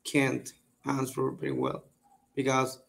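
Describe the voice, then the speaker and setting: Slow, gravelly man. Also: mid-range voice, big pitch swings, fairly bright tone. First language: Spanish. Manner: hesitant, searching for words, frequent restarts. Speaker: English learner. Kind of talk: online English lesson. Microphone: video call.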